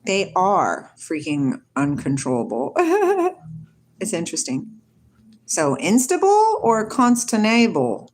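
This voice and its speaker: A woman's voice: medium pitch, wildly swooping pitch, takes it slowly, a little mellow, slight background noise. A woman hosting a casual spiritual livestream. She reads aloud, greets viewers by name, laughs often and drifts off on tangents. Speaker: livestream host reading viewer comments.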